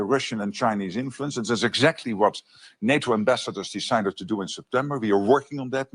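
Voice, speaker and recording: A man giving a formal, measured press statement. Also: medium pitch. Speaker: alliance official giving a statement.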